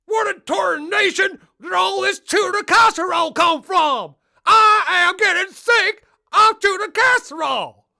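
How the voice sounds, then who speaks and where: A cranky cartoon old-timer yells in a piercing, very high, bright voice. He squawks and grumbles. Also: lively intonation, a little slow, exaggerated voice. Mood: outraged. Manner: shrill yelling. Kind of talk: cartoon voice sketch.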